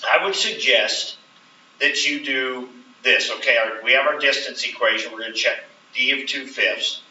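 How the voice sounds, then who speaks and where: A man teaches a classroom, walking the students through each step and checking in with them again and again. His voice is very bright and sharp, picked up from across a roomy classroom. The recording sounds dull and slightly muffled, with faint hiss underneath. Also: mid-range voice, recorded from a distance. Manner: explains step by step, checks in with frequent "right?". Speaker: math teacher. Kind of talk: classroom lecture.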